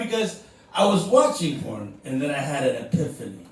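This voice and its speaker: A man's voice: on the high side, sing-song, moderate pace. A man in his forties from Indonesia headlining with a playful, confessional stand-up set. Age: 40s. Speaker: headlining comedian. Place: comedy club stage before a live crowd. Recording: echoey room, distant mic, faint noise.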